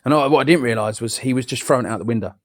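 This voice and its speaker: A man's voice: mid-range voice, very fast. A man, hosting a casual live chat and telling a personal story with quoted voices and swearing. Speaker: podcast host.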